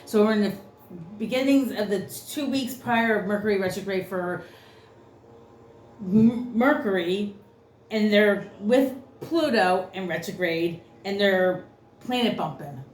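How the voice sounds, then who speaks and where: A woman's voice: medium pitch, measured pace, darkish tone. A woman giving an unscripted tarot reading, ranting bluntly and cursing freely. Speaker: tarot reader. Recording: roomy echo, faint noise.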